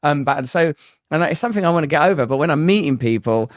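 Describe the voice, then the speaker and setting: A man's voice: fairly high pitch, fast, no echo, clean studio sound. An English man in his forties, a guest telling candid, rambling stories about recovery and faith. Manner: rambling, animated, acts out quoted voices.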